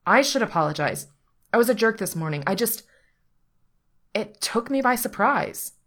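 A woman's voice: on the high side, expressive, moderate pace, fairly bright tone, pitched above the performer's own voice. A woman voicing a flustered, earnest young man who bakes for a living, speaking emphatically. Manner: emphatic, apologetic.

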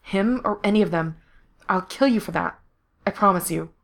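A woman's voice: mid-range voice, moderate pace, close to an everyday voice. A woman reading a story aloud, voicing a defiant, angry young man who snaps his words. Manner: sharp, snapping delivery. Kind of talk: fan fiction reading.

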